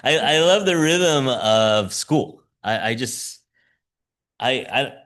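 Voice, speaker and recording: A man's voice: mid-range voice, slow pace. Guy preaching super casually, voice bouncing all over, keeps chuckling n going "right?". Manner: animated, chuckling, frequent "right?" asides. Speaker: lay preacher and schoolteacher. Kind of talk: conversational sermon.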